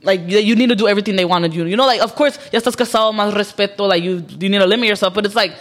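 A young woman talks quickly as a podcast guest, her delivery loose and slangy. She flips into Spanish mid-sentence and leans on "like" and "bro" as she tells her story bluntly. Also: medium pitch. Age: young adult. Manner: fast, slangy, mixes Spanish into English, says "like" and "bro" constantly. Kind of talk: casual chat.

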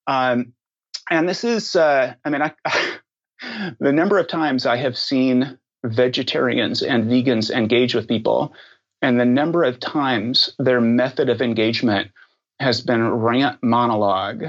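A man answering questions as a podcast guest, talking thoughtfully and pausing often with ums and restarts. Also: mid-range voice, lo-fi sound. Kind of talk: conversational interview answers.

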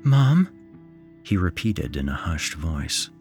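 Deep-voiced guy reading a scary story slow and tense, quiet music behind. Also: animated. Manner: slow, suspenseful. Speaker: narrator. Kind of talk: horror story narration.

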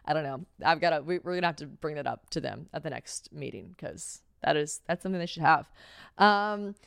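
A woman's voice: sits low, lively intonation, fairly quick, gravelly, fairly bright tone, clear, resonant tone, dry recording, clean studio sound. A young woman hosting a podcast solo, chatty and profane, telling stories with lots of fillers and sounding worn out. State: tired. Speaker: podcast host.

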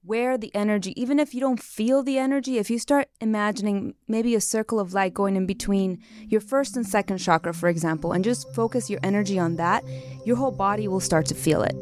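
Earnest, expressive woman guest. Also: mid-range voice, fairly quick, faint music behind. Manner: earnest, expressive, animated storytelling. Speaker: guest, intimacy coach. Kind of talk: casual interview chat.

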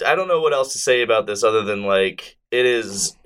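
Smooth-voiced, measured man podcast co-host. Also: fairly low pitch, lively intonation, fairly bright tone. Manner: thoughtful, measured, hedging with "I think". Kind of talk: casual podcast chat.

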